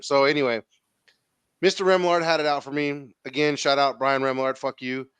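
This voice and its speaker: Man, southern californian accent, casual profane storyteller, smooth clear voice, dry close sound. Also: mid-range voice, brisk, dry recording. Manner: profane, animated storyteller, acts out quotes. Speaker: podcast host.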